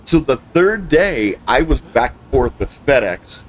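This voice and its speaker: A man's voice: medium pitch, very animated, a little slow. A man chatting casually while gaming, telling a long complaint story and acting out both sides of the conversations he quotes. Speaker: gaming channel host.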